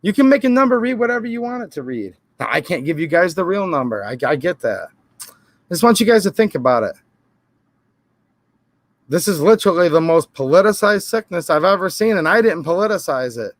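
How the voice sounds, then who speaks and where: A man's voice: sits high, very animated, fairly quick, no room sound. A man hosting a live stream, answering viewer comments in a rambling, emphatic way with defensive asides. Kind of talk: casual live-stream talk.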